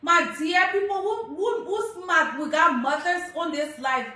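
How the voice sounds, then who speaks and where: A woman's voice: extremely high pitch, unhurried, pushed and bright. A young woman with a Liberian accent giving heated social media commentary, scolding and laughing between points. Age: young adult. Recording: very echoey room.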